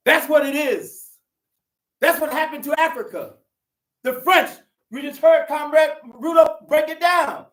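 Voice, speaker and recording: A man's voice: very high voice, moderate pace, fairly bright tone, echoey room, far from the mic, poor audio. An older man giving an impassioned, fiery conference speech, calling out to the audience as sisters and brothers in a preacherly way. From United States. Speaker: conference speaker, activist.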